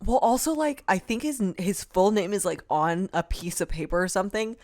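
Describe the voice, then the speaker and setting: A woman co-hosting a podcast, chatting casually about a film, blunt and quick to laugh. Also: mid-range voice, animated, a little mellow. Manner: laughs easily, blunt and swears. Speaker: podcast co-host. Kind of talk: casual movie chat.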